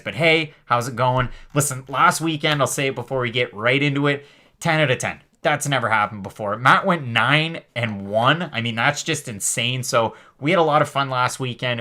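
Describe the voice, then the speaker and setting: A man hosting a live MMA stream, talking fast and chatty with lots of fillers while reading out the chat. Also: medium pitch. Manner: energetic, rapid, chatty with many fillers. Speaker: host of a live MMA show.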